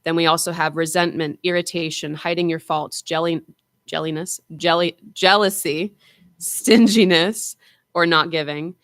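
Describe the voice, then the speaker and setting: A woman minister giving an informal Buddhist dharma talk to a congregation, conversational, with frequent fillers and slowing down for emphasis. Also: low-pitched, little pitch movement, fairly bright tone, smooth, no room sound.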